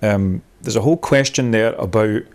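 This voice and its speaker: A man's voice: fairly low pitch, normal speed, darkish tone. Rambling man leading a workshop. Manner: rambling, thinks aloud with many restarts. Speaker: workshop leader. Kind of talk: discursive workshop talk.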